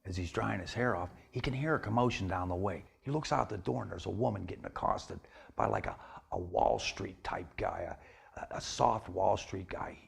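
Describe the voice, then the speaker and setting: A man with a deep, gravelly, very husky voice talks through a film plot the way he would over a table. He keeps it plain and steady and keeps tagging the lines with "he says" and "she says.". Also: normal speed. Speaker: storyteller pitching a film plot. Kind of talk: casual spoken film pitch.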